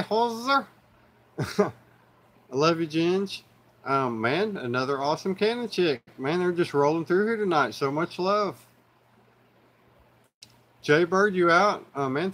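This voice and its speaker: A man's voice: on the high side, fairly bright tone. A man with an Oklahoma accent, hosting a live stream in a loose, rambling way, full of fillers and "y'all" to his viewers. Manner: laid-back, rambling with many fillers, calls viewers y'all. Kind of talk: casual live-stream chat.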